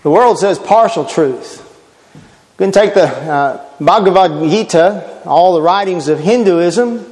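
A man's voice: high-pitched, animated, slow pace, darkish tone, long reverb tail. A man preaching a sermon, emphatic and quoting scripture, repeating key words for stress.

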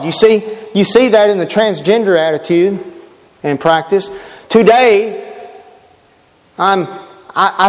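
A man's voice: high-pitched, darkish tone, long reverb tail. A man preaching a sermon, emphatic and quoting scripture, repeating key words for stress.

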